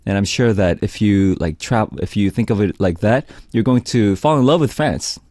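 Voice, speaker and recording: A man hosting a music radio show, reading out listener messages in a relaxed, chatty way. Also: lowish voice, normal speed, dry recording, studio quality. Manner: relaxed, chatty, lots of "like" and "you know". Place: radio studio. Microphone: studio microphone.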